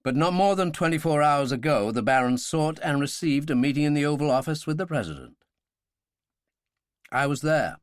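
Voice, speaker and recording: A man's voice: a little high, normal speed, dry recording, studio quality, lightly acted. A man voicing an earnest male official giving a briefing in an explanatory way.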